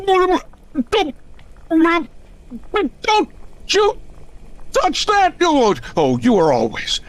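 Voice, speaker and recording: A man's voice: very high voice, huge pitch swings, slow, a bit bright, heavily acted. A man doing a sputtering, hot-tempered old father. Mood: indignant. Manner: sputtering, stammering outbursts. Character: cranky old father, blustering and quick to anger. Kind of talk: comedic fan audio drama.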